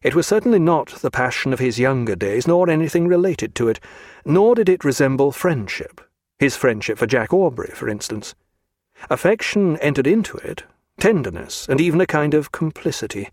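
Reading a novel from a script, a male audiobook narrator keeps a steady, measured storytelling pace at medium pitch. The recording is clean studio sound with no room ambience.

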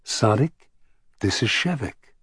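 A man voicing a husky, tired woman. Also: mid-range voice, expressive, slow pace, dry recording, studio quality, pitched above the performer's own voice, exaggerated voice. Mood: tender. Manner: soft, emotional, reassuring. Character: tired gentle woman in middle age. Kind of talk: audiobook character reading.

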